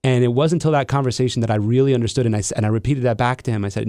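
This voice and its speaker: A middle-aged man hosts a podcast in a casual interview conversation, talking reflectively with lots of restarts and fillers. His mid-range voice is warm and very fast, recorded dry in studio quality.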